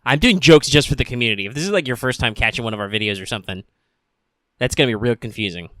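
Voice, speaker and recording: A man's voice: medium pitch, rapid-fire, dry recording. Tired guy riffing on a film, sarcastic and swearing, dry close mic. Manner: sarcastic, deadpan and profane. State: sleepy, yawning. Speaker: film commentator. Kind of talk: riffing movie commentary. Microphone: home podcast mic, no camera.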